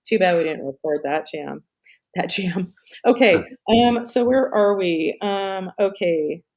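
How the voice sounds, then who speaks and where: A woman's voice: mid-range voice, animated, unhurried, a little mellow. A middle-aged woman hosting a live stream in casual chat, rambling off on tangents, swearing and laughing often.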